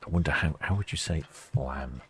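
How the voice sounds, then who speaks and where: Very deep-voiced man, chatty. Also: normal speed, slight background noise. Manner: chatty, musing aloud, wry. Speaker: live stream host. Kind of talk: casual live commentary reading viewer comments.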